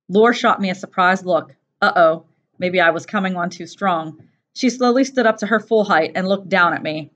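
A woman teacher reading a first-person novel aloud in a steady, plain storytelling voice. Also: lowish voice, moderate pace. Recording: dull lo-fi recording.

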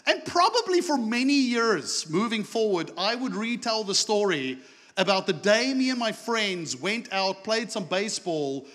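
A man preaching a sermon as pastor, telling a story with animated energy that rises into excited shouts. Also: high voice. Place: church sanctuary. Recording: echoey church hall.

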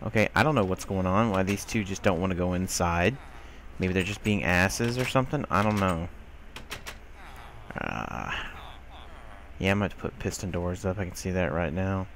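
A man's voice: deep voice, normal speed, fairly bright tone, a little hiss or hum. Grumbling man playing a game. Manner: exasperated, grumbling, talks to game characters, mild swearing. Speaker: gameplay commentator. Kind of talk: casual let's-play commentary.

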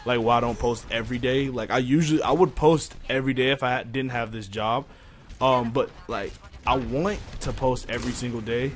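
A young man venting to his viewers in a profane, exasperated rant, going quiet when he calms down. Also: a little fast. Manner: profane, exasperated, jumping pitch when heated. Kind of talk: casual rant to camera.

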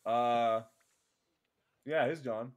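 A man's voice: medium pitch, drawn-out words, very noisy. A man hosting a casual gaming stream, laughing often and swearing casually as he chats. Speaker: streamer host.

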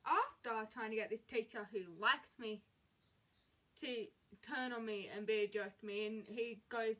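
A woman's voice: on the high side, steady tone, unhurried, a bit bright. Exasperated young woman ranting. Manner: exasperated, emphatic retelling. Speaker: vlogger. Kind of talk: storytime rant.

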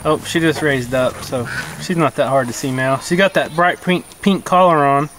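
A man's voice: fairly high pitch, lively intonation, moderate pace, a bit bright, slight background noise, low-quality recording. A man, a farmer vlogging casually outdoors and chatting with his dogs. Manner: easygoing, chats with his dogs. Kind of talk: casual vlog narration. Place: outdoors on a farm.

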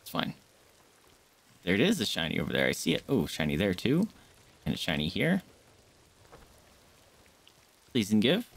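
A man streaming a game, chatting casually and shouting and swearing at enemies, with game music behind. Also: fairly low pitch, a little fast, creaky. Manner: excitable, yelling and swearing at enemies. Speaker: gaming streamer. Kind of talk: casual let's-play commentary.

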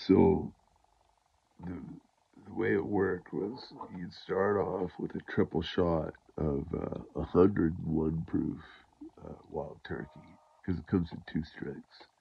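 A man vlogging his recovery story in a halting, rambling way, full of fillers and restarts, and a bit stuffed up. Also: low voice, fairly even intonation, creaky, breathy edge. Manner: chuckles to himself. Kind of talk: casual rambling monologue. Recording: dull lo-fi recording.

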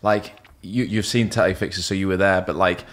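A tattoo artist appearing as a podcast guest tells stories in casual conversation, his voice deep and his pace moderate. He's animated, swears often, and acts out other people's voices in his anecdotes.

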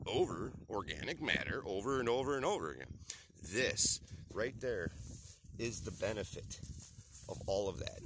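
A man talking casually in an outdoor vlog, out of breath after hard work, chatty and emphatic, checking in often with "okay?". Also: on the low side. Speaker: lawn care and garden business owner. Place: open field outdoors. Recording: outdoor recording with clear background noise.

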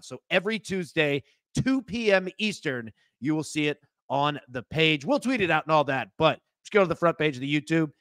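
A man's voice: on the high side, a bit bright, no room sound, studio quality. A man co-hosting a live sports betting show, upbeat as he explains picks and announces new content. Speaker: co-host.

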